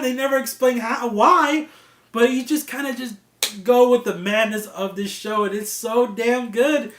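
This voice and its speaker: A man giving a casual, excitable review of a TV series, laughing often and swearing freely. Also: very high-pitched, unhurried, echoey room, slight background noise. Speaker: TV show reviewer.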